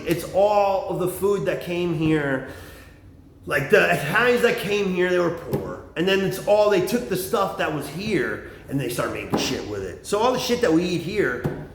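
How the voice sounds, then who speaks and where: A middle-aged man rambling in a profane, excitable vlog monologue, jumping from topic to topic. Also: sits high, reverberant, a little hiss or hum. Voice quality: extroverted and excitable. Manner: animated, swearing, jumps between topics. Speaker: vlogger.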